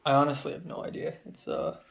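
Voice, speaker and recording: A man's voice: fast, a bit bright. A young man, a student filmmaker, talking in a casual vlog monologue and venting in a rambling, exasperated way, with plenty of fillers and restarts. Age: young adult.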